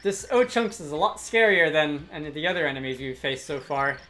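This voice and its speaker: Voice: mid-range voice, brisk, a bit bright, soft background music, close to an everyday voice. A gamer reading the lines of a small helpful fairy-like guide creature in a plain, informative voice. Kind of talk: reading game dialogue aloud.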